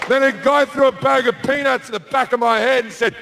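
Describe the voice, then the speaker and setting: A man's voice: extremely high pitch, fairly even intonation, a little fast, gravelly, sharp tone, a faint crowd. A man with an Australian accent doing stand-up, brash and profane, acting out all the characters in his story. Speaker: stand-up comedian.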